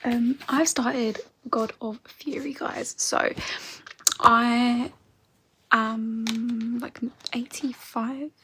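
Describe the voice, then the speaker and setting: Young woman, chatty book vlogger, husky and a little high; talks to her own camera. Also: fairly even intonation, drawn-out words. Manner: chatty and giggly, with frequent soft whispered asides. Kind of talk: casual reading vlog chat.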